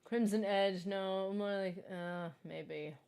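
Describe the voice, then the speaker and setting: Excitable woman chatting on a gaming stream. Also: mid-range voice, slow pace, smooth. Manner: chatty and excitable, reads chat aloud. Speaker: livestream host. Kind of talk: casual gaming livestream chat.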